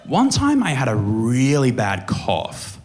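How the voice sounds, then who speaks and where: A man voicing a matter-of-fact middle-aged mum, explaining in a breezy way, with clear crowd noise of a comedy club behind him. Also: medium pitch, huge pitch swings, slow, a little mellow.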